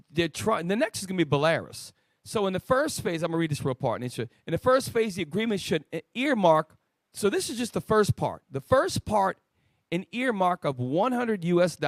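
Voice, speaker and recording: A man's voice: high voice, no room sound, studio quality. Emphatic preaching man. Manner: emphatic, swinging loud and quiet, restarts. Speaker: lead teacher of a Bible study show. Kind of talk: preaching Bible lesson.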